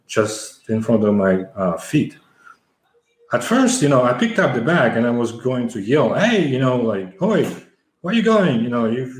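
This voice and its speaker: A middle-aged man from the former Soviet Union, telling a long story as an interview guest, with many fillers and restarts. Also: medium pitch. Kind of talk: conversational storytelling. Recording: echoey room.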